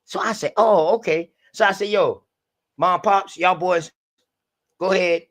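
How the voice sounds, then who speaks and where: A man's voice: high voice, a little slow, a bit bright. Profane man telling a story on a call. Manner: profane, loose street talk; acts out voices of people in his story. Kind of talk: casual storytelling.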